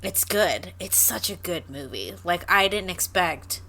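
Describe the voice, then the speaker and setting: Bright-voiced woman on a podcast, swears a lot, gets all worked up, super expressive. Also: on the low side, unhurried. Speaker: podcast co-host. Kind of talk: casual movie discussion.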